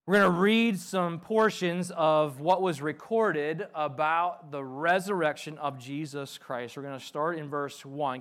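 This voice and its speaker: Man preaching with big loud-soft swings. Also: fairly high pitch. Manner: swings from loud emphatic reading to quiet, softly spoken asides. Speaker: pastor. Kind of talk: sermon.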